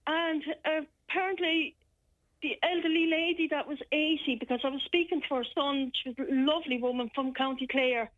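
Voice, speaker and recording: Irish lady calling in, high voice, stops and restarts a lot, sounds shaken. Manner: halting, shaken retelling with many restarts. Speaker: caller. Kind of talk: phone-in personal account. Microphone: telephone. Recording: muffled telephone line.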